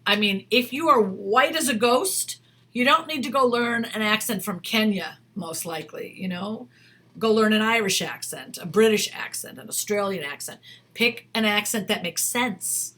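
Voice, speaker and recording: A woman's voice: medium pitch, normal speed, sharp tone. A woman acting coach giving chatty, emphatic career advice straight to camera, repeating her points. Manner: chatty and emphatic, with many restarts and repetitions. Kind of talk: casual advice video.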